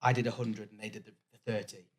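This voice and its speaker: A man who is a company managing director, chatting casually with his guest and chiming in with quick agreement. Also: on the low side, flat delivery. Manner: quick, agreeable, chips in often. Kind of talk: casual interview chat.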